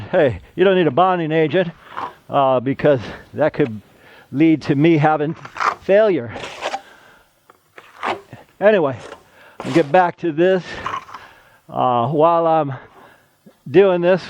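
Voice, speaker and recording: A man's voice: on the high side, slow pace, long pauses, dull audio, a little hiss or hum. A middle-aged man, a plasterer, giving a casual how-to demonstration, chatty and rambling into side stories.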